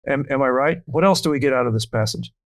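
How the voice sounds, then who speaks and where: A man's voice: medium pitch, fast talker. A man leading a verse-by-verse Bible study, explaining scripture earnestly and reading verses aloud.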